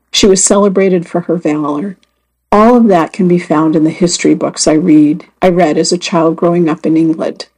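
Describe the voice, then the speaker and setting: A woman reading first-person magazine stories aloud as scripted narration, in a measured and earnest way. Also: on the low side, dark tone, husky, rough recording. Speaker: magazine story reader.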